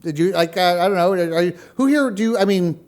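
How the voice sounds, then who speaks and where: A man's voice: high-pitched, lively intonation, fast talker, a little mellow. A man running a tabletop game as dungeon master, joking and laughing often as he talks.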